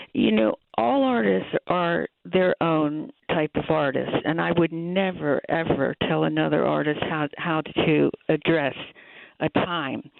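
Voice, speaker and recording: A woman's voice: deep voice, gravelly, no echo. A middle-aged woman, a musician, answering interview questions in an earnest, thoughtful way. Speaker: musician guest. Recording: phone-like, dry line.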